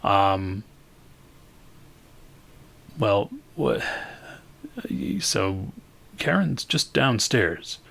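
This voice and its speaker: A man's voice: fairly low pitch, expressive, vocal fry, a bit bright, full character voice. A man voicing a cautious middle-aged shopkeeper who speaks hesitantly. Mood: concerned. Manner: hesitant, measured, trusting.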